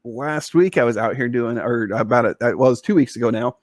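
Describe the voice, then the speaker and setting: A man's voice: medium pitch, fairly quick, no echo. Male podcast co-host, casual rambling storyteller, dry close-miked sound. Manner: rambling, with many fillers and restarts.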